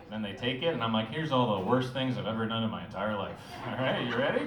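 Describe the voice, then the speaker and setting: A man's voice: lowish voice, far from the mic, noisy background. Mumbling man doing stand-up in a roomy club. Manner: mumbling, offhand delivery with filler pauses. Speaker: stand-up comedian. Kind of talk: stand-up set. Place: comedy club stage.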